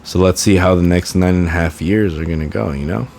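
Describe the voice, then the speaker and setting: A young man in his twenties talking through a solo podcast episode, wandering off on tangents and jabbing with sarcasm. His voice sits on the lower side for a man, and he speaks in a loose, casual way. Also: brisk, gravelly, darkish tone, slight background noise. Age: 20s. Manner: rambling, goes off on tangents, sarcastic. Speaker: podcast host.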